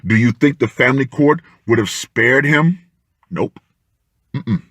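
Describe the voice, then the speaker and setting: A man giving ranting commentary with emphatic, deliberate, punchy declarations. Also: mid-range voice, a bit bright, dry recording, clean studio sound. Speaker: online commentator.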